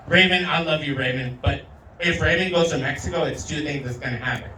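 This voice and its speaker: A male comedian doing a crude, rowdy stand-up set, slipping into Spanish and loud put-on voices. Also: on the high side, a little fast, a little hiss or hum. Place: outdoor backyard show. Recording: roomy sound from a distant mic.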